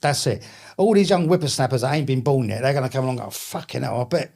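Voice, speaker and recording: A man's voice: medium pitch, animated, racing, a little mellow. A middle-aged man with a Cockney accent, a guest chatting casually and telling jokey, swear-filled stories. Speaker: guest, author and actor. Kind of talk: casual interview chat.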